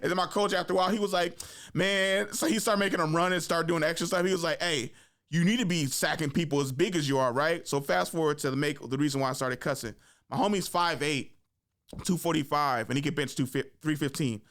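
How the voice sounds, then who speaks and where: A young man hosting a podcast, telling a story in a casual, animated way, full of slang and swearing, acting out what people said. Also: on the high side, fairly quick. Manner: animated, acts out quotes, swears freely, slangy. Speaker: podcast host.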